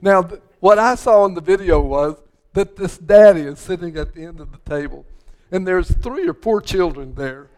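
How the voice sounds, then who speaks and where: An older man preaching from the pulpit, his voice sitting a little high for a man. He rambles through homespun stories, stumbling and restarting, repeating words as he goes. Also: moderate pace, darkish tone. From West Texas. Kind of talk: sermon.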